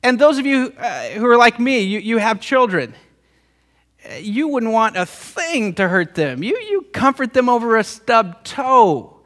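A man's voice: very high voice, very animated, measured pace, a bit bright. A man, a pastor and theologian, preaching an emotional storytelling sermon, often stumbling into repeated words.

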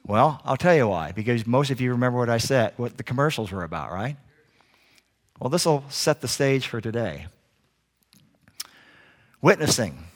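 A man preaching a sermon as a guest preacher, telling animated stories and joking with the congregation. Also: mid-range voice, normal speed, long pauses. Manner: animated storytelling, acts out little scenes; jokey with the congregation.

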